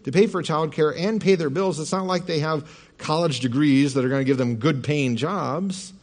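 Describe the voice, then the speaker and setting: A man voicing an outspoken young college woman who talks in a brisk, matter-of-fact way. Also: a little high, big-room sound, voice pushed up, natural voice.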